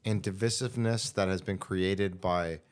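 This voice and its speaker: A man's voice: low voice, normal speed, smooth. A man hosting a podcast, telling stories in casual chat and swearing freely. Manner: swearing, animated storytelling. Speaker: podcast host. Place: studio.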